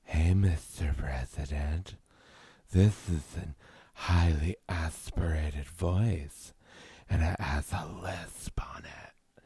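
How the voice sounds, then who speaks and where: A man voicing a sultry, teasing flirt in a heavily breathy, lisping hush. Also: a bass voice, steady tone, slow pace, no echo, exaggerated voice.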